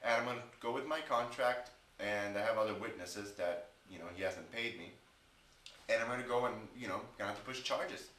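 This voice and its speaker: A man's voice: fairly low pitch, brisk, fairly bright tone, far from the mic, a little hiss or hum. Chatty man vlogging in an echoey room. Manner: chatty, rambling, frustrated rant. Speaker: English teacher vlogger. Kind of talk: casual vlog. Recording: echoey room, off-mic at times.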